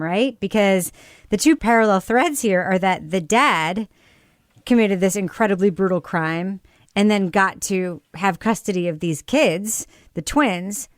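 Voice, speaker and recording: A woman co-hosts a podcast, casually chatting through a review of a TV series. She thinks aloud, poses questions, and uses lots of "like" fillers. Her mid-range voice is captured in a dry, clean studio recording.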